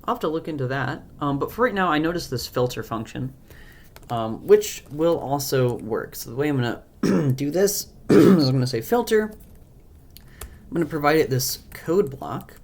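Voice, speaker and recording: A man's voice: on the high side, expressive, normal speed, darkish tone. A man who is losing his voice, talking through a live coding walkthrough as a programmer, thinking aloud and hesitating with frequent ums. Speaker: programmer, language creator.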